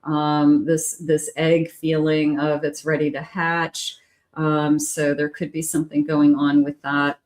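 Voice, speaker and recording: Low-voiced woman reading tarot cards. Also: little pitch movement, slow pace. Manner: gentle, chatty, many fillers. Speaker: tarot reader.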